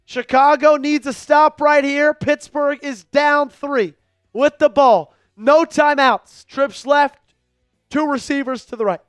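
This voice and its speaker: A man's voice: very high-pitched, fairly even intonation, slow pace, no echo, soft background music. A man hosting a fan live stream, running a raffle and calling plays from a game in a casual, hyped way. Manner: hypes donors and raffle, calls the game. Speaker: livestream host.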